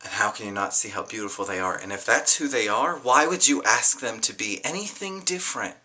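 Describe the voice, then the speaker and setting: A young adult vlogger shares a raw, unscripted personal testimony in a bright, forceful voice, talking fairly fast and animatedly. The passionate, occasionally profane delivery sinks low and quiet before surging into heated outbursts.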